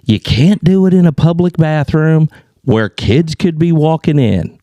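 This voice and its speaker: A man's voice: a little high, expressive, measured pace, dark tone, no echo. A man hosting a podcast, chatting casually and emphatically to listeners. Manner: emphatic, reacts with short interjections. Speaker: podcast host. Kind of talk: casual chat.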